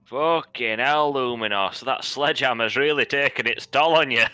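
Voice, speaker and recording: A man's voice: medium pitch, normal speed, bright, forceful tone, clear, resonant tone, no echo, soft background music, natural voice. A man playing a very drunk adventurer who rambles and slurs in a tabletop game. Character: very drunk, rowdy male adventurer.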